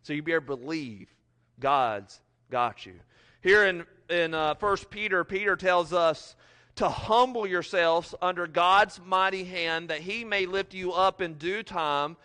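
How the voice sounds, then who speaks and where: A man preaching a sermon, swinging between loud, emphatic lines and soft, almost whispered ones as he reads scripture and applies it. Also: high-pitched, unhurried. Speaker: pastor.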